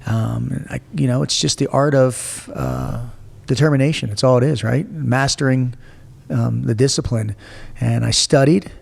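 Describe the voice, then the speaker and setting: A man's voice: mid-range voice, a little slow, vocal fry, slightly rough, long reverb tail. A man in his forties tells a story from his own life in a casual interview, blunt and full of swearing. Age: 40s. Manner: blunt, profane, animated storyteller. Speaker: guest.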